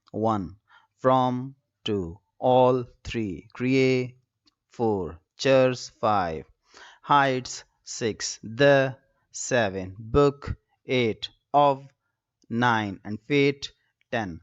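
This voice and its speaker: Male teacher, mid-pitched, patient lecture delivery full of fillers, dull and dry sound. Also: no room sound. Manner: measured, explanatory, many "uh" fillers. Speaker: English literature teacher. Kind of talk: recorded lecture.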